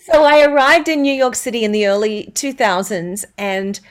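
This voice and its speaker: A woman's voice: on the high side, moderate pace. A woman with an Australian accent, a voiceover artist, telling stories as an interview guest and acting out the quotes. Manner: animated, laughing, acts out quotes. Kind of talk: interview storytelling.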